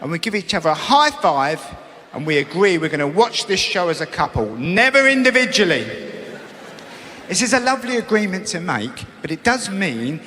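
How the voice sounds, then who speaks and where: A middle-aged man doing a cheeky, wry stand-up routine, now and then bursting into shouted impressions. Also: high voice, very animated, normal speed, a little hiss or hum. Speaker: stand-up comedian. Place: large comedy venue with live audience. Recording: echoey hall with audience laughter.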